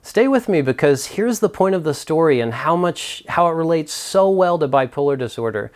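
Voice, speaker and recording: A man with a fairly high voice hosts a mental health video channel. He reads a story and reflects on it in an earnest, scripted way. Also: animated, moderate pace. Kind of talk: storytelling vlog narration.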